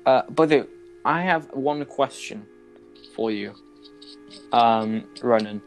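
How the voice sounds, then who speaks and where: A male game master narrates a tabletop role-playing session at an even pitch. He hesitates a lot, filling gaps with ums and restarting his sentences. Faint music plays underneath. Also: takes it slowly.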